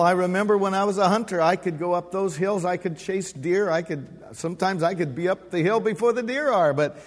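Older man, sixties, higher voice, folksy joking pastor preaching in a reverberant hall. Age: 60s. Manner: folksy, humorous storytelling with call-and-response. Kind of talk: sermon. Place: church sanctuary.

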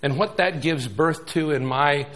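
An older man in his sixties delivers a lively sermon. His voice sits somewhat high for a man, and he swings from loud, emphatic bursts down to quiet, hushed asides. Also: unhurried. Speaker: preacher.

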